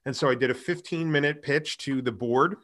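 Bright-voiced man telling a story. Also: mid-range voice, a little fast. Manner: animated storyteller, acts out quoted dialogue. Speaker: guest, music tech company founder. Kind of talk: casual storytelling interview.

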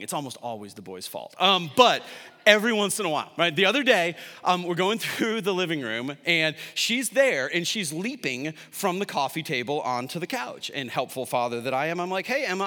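Man, 30s, pastor, sermon delivery, slightly high voice, chatty and joking, long hall echo. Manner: animated and conversational, jokey asides, constant "right?" tags. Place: large church hall.

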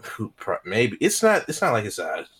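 Deep-voiced man in offhand podcast chat. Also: huge pitch swings, normal speed, fairly bright tone, slightly rough, rough recording. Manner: loose, offhand, sprinkled with swearing. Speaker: podcast co-host. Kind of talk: casual chat.

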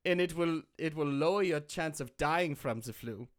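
A man playing a brash, overconfident male doctor with pushy, hurried bedside patter, in a comedy podcast sketch. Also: on the high side, expressive, pushed and bright. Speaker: podcast host.

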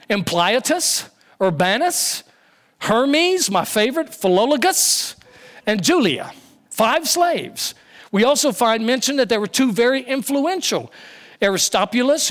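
Casting: male preacher with a high voice, emphatic and repetitive sermon delivery. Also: a bit bright.

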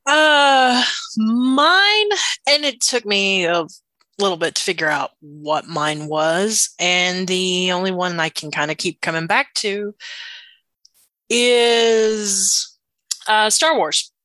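A woman co-hosting a podcast, rambling excitedly in casual chat. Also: medium pitch, takes it slowly, no room sound. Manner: excited, rambling fan talk.

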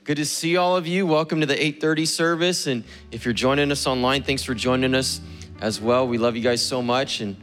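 Bright-voiced joking pastor. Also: male voice, medium pitch, a little fast, faint music behind. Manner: relaxed, joking preacher. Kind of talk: sermon. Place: church service.

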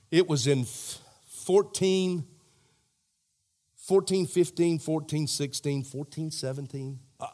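A man preaching a sermon as animated storytelling, talking directly to the crowd. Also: fairly high pitch.

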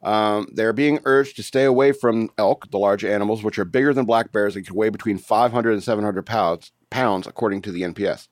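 A man's voice: on the low side, brisk, hardly any pauses, no echo, studio quality. A man co-hosting a casual chat, reading news stories with joking asides. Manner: relaxed, reads stories, jokey asides.

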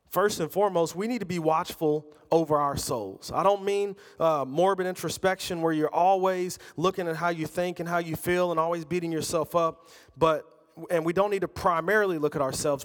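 A man's voice: on the high side, long reverb tail. A middle-aged man preaching a sermon, talking conversationally and telling personal stories. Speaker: pastor.

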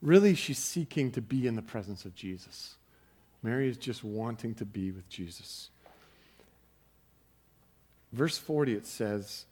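A man's voice: lowish voice, a little mellow. A man preaching a sermon in a conversational way, often repeating words as he starts a sentence. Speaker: pastor.

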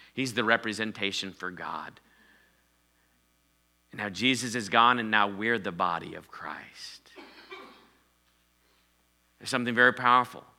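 Bright-voiced man preaching a sermon. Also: fairly low pitch. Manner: preaching with call-and-response prompts, swinging from loud to quiet. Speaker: pastor.

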